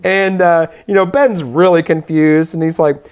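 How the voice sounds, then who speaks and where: A man's voice: on the high side, fairly even intonation, a little slow, a little mellow, clear, resonant tone. A man co-hosting a casual movie talk show, retelling scenes and slipping into brief character voices. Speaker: podcast co-host. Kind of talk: casual movie commentary chat.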